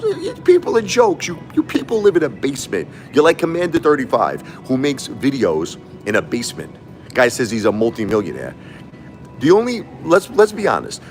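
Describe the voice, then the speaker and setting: A man livestreaming a combative, boastful rant, taunting his critics and repeating himself. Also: mid-range voice. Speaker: livestreaming YouTuber. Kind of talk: ranting livestream monologue.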